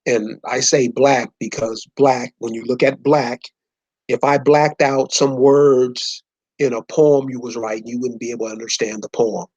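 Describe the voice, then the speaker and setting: A male lecturer points at a map during an informal lecture, preaching in loose, slangy speech and peppering listeners with rhetorical questions. His mid-range voice is flat, a little slow and mellow, with a breathy edge and lo-fi sound.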